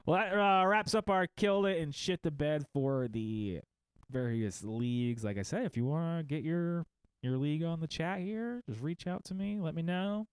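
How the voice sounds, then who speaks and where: A man's voice: a little high, lively intonation, moderate pace, clean tone, dry recording. A man hosting a fantasy football show in a casual livestream style, rambling through lists of results with jokey, self-mocking asides.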